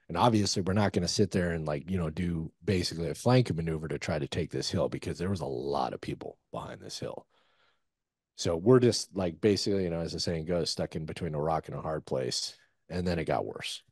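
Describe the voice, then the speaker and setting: Veteran man, very deep and husky, rambling profane storyteller, dry recording. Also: darkish tone, no echo. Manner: loose, profane war storytelling with many fillers. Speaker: guest, former Army Ranger. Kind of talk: casual storytelling interview.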